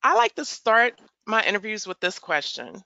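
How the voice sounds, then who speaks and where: An enthusiastic woman hosts a podcast interview, with a gravelly, bright voice that has some fry in it. The sound is dry and a little dull, as if from a lo-fi mic. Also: medium pitch, huge pitch swings, normal speed, no room sound. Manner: enthusiastic, upbeat introductions. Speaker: podcast host.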